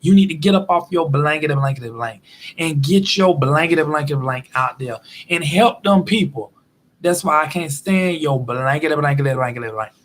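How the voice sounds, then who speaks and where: A man playing a fed-up male office worker who cusses out his boss, slowly drawing out each insult with bleeped-style words. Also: fairly high pitch, natural voice.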